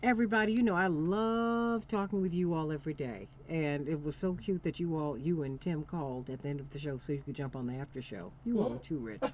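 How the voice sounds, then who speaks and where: A middle-aged woman with a deep voice hosts a call-in radio talk show, speaking briskly with few pauses. She's chatty and affectionate, laughs often and sounds tired, on a slightly dull lo-fi stream with faint noise.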